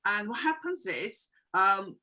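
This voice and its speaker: This emotional wellbeing coach, a woman appearing as a guest on a video call, speaks slowly in a mid-range voice that sounds animated, pushed and bright. Her interview answers run long and repetitive, earnest and explanatory, with minor grammar errors typical of a non-native speaker. Audio quality is poor.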